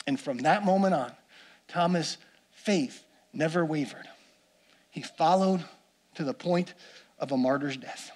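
A man delivers a sermon in a fairly high voice. He is earnest and builds his points through repetition. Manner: earnest, repeats phrases for emphasis. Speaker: pastor.

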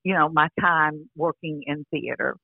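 An older actress chatting casually as an interview guest over a phone line, rambling with restarts and frequent "you know". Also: female voice, low-pitched, a little slow, gravelly, slightly rough, no room sound. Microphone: phone call.

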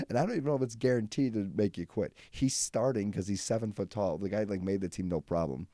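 A man's voice: on the low side, brisk, warm tone, dry recording, studio quality. A young man hosting a comedy podcast alone, rambling through stories with lots of fillers and self-deprecating jokes. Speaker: podcast host. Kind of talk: solo comedic rant.

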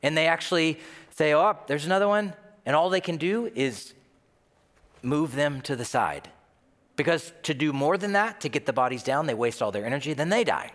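A man's voice: fairly high pitch, lively intonation, moderate pace, fairly bright tone. A man preaching a sermon, telling a story vividly and acting out the voices of the people in it. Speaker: pastor. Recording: long hall reverb.

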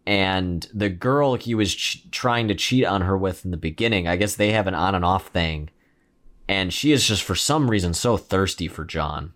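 A man's voice: deep voice, moderate pace, fairly bright tone. A man co-hosting a movie review podcast, chatting casually and acting out scenes with quoted voices. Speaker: podcast co-host.

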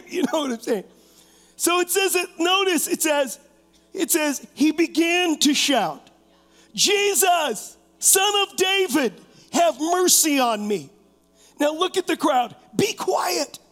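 A man preaching a sermon as pastor, animated, calling on members of the congregation and shouting out to show his point. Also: extremely high pitch. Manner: shouts to demonstrate, rising to loud bursts. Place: church sanctuary. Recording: long hall reverb.

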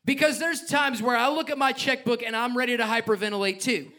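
A male pastor preaches a passionate sermon, moving between scripture reading and joking asides. His voice sits high for a man. It has a bright, forceful edge. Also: fairly even intonation, a little fast.

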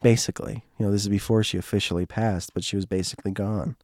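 Hoarse low-voiced man, rambling. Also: fairly even intonation, fast talker, darkish tone, no room sound, studio quality. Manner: rambling, restarts often, heartfelt and joking. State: hoarse, strained throat. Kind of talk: casual personal storytelling monologue.

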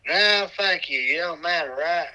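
A drunk man with hiccups, trading loud, profane comedic banter over a phone from a hospital room. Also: a little high, normal speed, poor audio. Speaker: comedy show regular.

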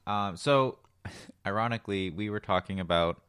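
Man, Texan accent, very deep voice, smooth, podcast co-host, rambling anecdotes. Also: normal speed, fairly bright tone, no echo, studio quality. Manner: rambling storyteller, laughs often. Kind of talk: casual chat.

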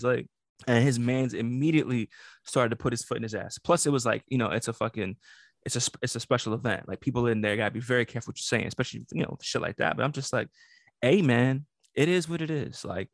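Gravelly man telling a story, slangy. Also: medium pitch, fast, dry recording, clean studio sound. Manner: animated storytelling, heavy slang, frequent laughter. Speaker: podcast co-host. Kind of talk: casual podcast chat.

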